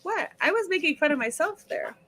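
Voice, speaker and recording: A woman's voice: very high voice, animated, a little fast, a crowd in the background. A woman guest on a live stream, bantering in a teasing, playful, joking way. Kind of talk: casual banter.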